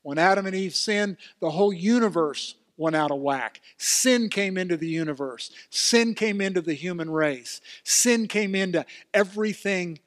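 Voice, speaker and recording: An older man preaching a sermon as pastor, emphatic and building to loud exclamations. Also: high-pitched, moderate pace, few pauses, no echo, clean studio sound. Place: church.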